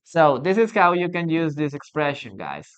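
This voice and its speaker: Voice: medium pitch, very animated, normal speed, clear, resonant tone. An English teacher from Peru with a Spanish accent, a native Spanish speaker, giving a live lesson and patiently repeating examples, often checking with "okay?" and "no?". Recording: slightly muffled streaming audio.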